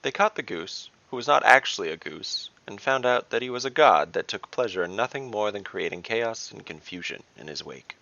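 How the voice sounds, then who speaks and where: Guy narrating a fantasy story, low gravelly voice, lively, dull dry recording. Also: a little fast, few pauses, no echo. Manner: expressive storytelling.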